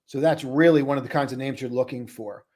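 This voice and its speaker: Guy doing a live trading stream, laid back and chatty, mid-pitch voice. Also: steady tone, fast, a little mellow. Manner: loose and chatty, calls viewers brother and buddy. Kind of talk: casual live-stream commentary.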